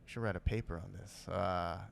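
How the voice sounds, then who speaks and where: A man with a low, gravelly voice talks loosely as a podcast guest. He rambles, doubts himself out loud and trails off into fillers. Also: fairly even intonation, moderate pace, dry recording. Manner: rambling, self-deprecating, drifts into impressions. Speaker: podcast guest, actor and comedian. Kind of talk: casual podcast chat.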